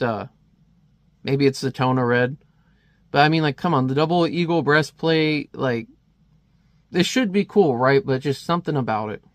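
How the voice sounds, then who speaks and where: A man's voice: on the high side, dry recording. A man casually reviewing a comic, chatty and wry, with many fillers.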